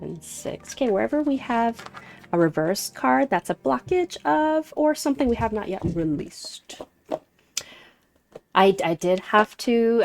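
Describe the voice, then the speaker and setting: A woman in her thirties talks casually on a live stream as she lays out cards, chatting with viewers by name and laughing easily. Her voice has a gravelly, creaky edge and sits at a middle pitch. Soft music plays faintly behind her. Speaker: streamer doing card readings.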